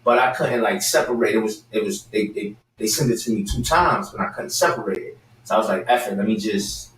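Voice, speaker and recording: A man of around forty, a guest telling stories and delivering an animated, heated callout rant that breaks into shouting. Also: fairly low pitch, a little fast. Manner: animated, fired-up, repeats his target's name, bursts into shouting. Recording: echoey room, mic set at a distance, faint background hiss.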